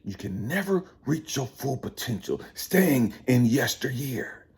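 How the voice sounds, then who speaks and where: A man's voice: mid-range voice, very animated, a little slow, a little mellow, breathy edge. A middle-aged man hosting his channel, delivering a profane, preachy monologue with heavy emphasis. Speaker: channel host. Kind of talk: ranting monologue.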